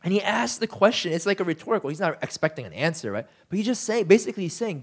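A man preaching in a relaxed, conversational way, his somewhat high voice swinging up and down with lots of life. He tells the story with plenty of "you know" and "like" fillers and slips into acted-out quotes. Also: fast talker, few pauses. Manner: casual, animated storytelling with frequent fillers; acts out quoted lines in shifting voices. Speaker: pastor. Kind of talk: conversational sermon.

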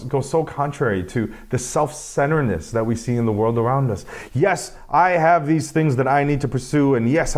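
A man preaching a sermon in a conversational, self-deprecating way, often restarting his sentences. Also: on the high side. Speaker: pastor.

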